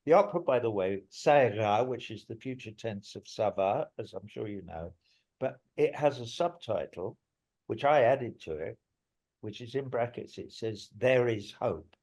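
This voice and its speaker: A man's voice: medium pitch, animated, normal speed, darkish tone, slightly rough. An older man, a musician guest in an interview, telling stories in a rambling, emphatic way and swearing now and then. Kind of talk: interview storytelling.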